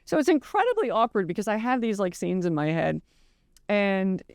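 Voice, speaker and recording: A woman's voice: mid-range voice, very animated, moderate pace, vocal fry, no echo, studio quality. An older woman author talking candidly and animatedly in a casual interview, swearing freely and laughing at herself. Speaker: novelist guest.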